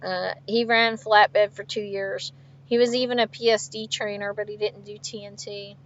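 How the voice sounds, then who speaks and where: A woman's voice: medium pitch, flat delivery, normal speed, slight background noise. A woman truck driver from outside chatting casually on a livestream, answering viewers' questions with frequent laughs. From outside Philadelphia. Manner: chatty, laughs often, reads viewer comments aloud. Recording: dull lo-fi stream audio.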